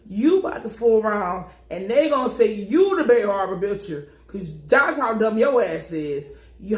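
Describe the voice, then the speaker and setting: A young adult woman recapping a TV episode in a casual, slangy, profane and joking way. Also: fairly high pitch. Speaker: TV recap vlogger. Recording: echoey room.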